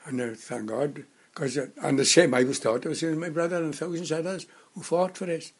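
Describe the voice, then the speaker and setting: A man in his nineties reminiscing in casual conversation, a halting storyteller who rambles and restarts his sentences. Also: a little high, steady tone, breathy edge. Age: 90s. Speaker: interviewee.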